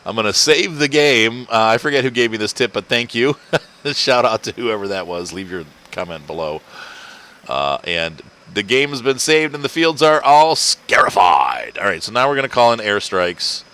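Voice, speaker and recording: A man talking through a let's-play at home, rambling from story to story and laughing often. His voice sits fairly low and sounds bright and forceful through a desk mic. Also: lively intonation, moderate pace, clean tone. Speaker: gaming channel host. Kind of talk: casual let's-play commentary. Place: home, indoors.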